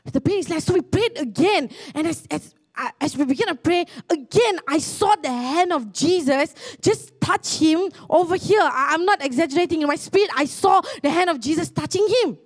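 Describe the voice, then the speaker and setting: A young woman pastor tells a testimony in a sermon, earnestly, with many restarts and rising excitement. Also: very high voice, normal speed, hardly any pauses.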